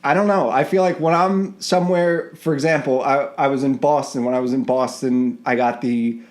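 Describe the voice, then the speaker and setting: A man's voice: mid-range voice, fairly even intonation, moderate pace, a little mellow. A man, co-hosting a podcast in easygoing, loose casual chat with frequent chuckles. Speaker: podcast co-host.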